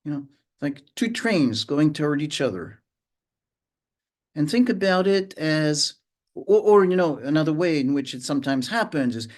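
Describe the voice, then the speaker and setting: A man teaching a mindfulness lesson, speaking slowly with frequent pauses and sometimes humming or sounding out rhythms. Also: fairly high pitch, expressive. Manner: unhurried, pauses often, hums and vocalizes rhythms to illustrate. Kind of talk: slow, reflective lesson.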